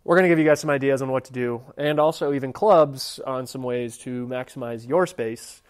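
Relaxed man opening a podcast. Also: mid-range voice, fairly quick, smooth. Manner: relaxed, friendly, addressing listeners directly. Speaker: podcast host. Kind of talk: casual podcast intro.

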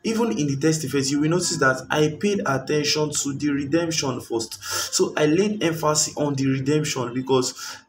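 A man's voice: a little high, moderate pace, distant mic. A man giving a screen-recorded graphic design tutorial, rambling as he searches for words and filling gaps with ums.

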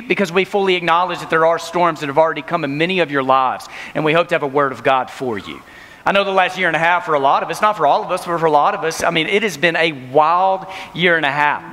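A man in his thirties giving an energetic youth camp sermon, telling stories and acting out voices. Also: fairly high pitch. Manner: storytelling, acts out voices, laughing. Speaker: camp speaker. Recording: reverberant hall.

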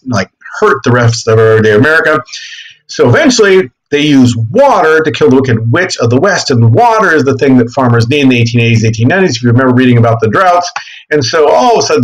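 A man teaching history in a casual, animated classroom lecture, explaining with quick asides and voiced bits. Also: mid-range voice, low-quality recording.

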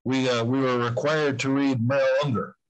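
A man in his sixties, appearing as an interview guest, talks earnestly and conversationally in an ordinary middle-pitched voice at a moderate pace with fairly even intonation. He rambles, circling back and restarting his sentences often. The recording is rough.

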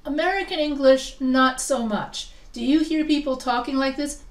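A writing instructor with a high voice teaches a live class at a moderate pace, chatty and full of questions for her students, often restarting sentences. She sounds far off in an echoey room.

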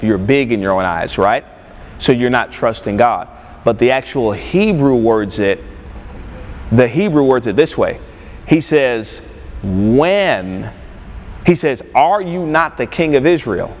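A man preaching a sermon as pastor. He delivers it with deliberate emphasis and keeps checking in with the congregation. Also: medium pitch. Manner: calls for congregation responses, slow emphatic delivery. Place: church sanctuary. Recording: long hall reverb, faint background noise.

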